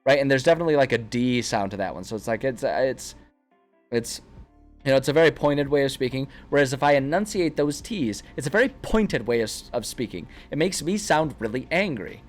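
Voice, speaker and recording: A man in a casual stream chat, talking at an ordinary middle pitch as he drifts from one digression to another and restarts his sentences. Faint music plays quietly behind him. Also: expressive, brisk. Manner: rambling, self-interrupting, chatty.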